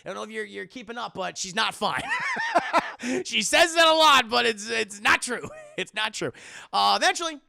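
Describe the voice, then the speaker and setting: A man recapping a movie in a rambling, profane, animated way while talking straight to his co-host. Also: high-pitched, normal speed, creaky. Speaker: movie reviewer. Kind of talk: casual comedic movie recap.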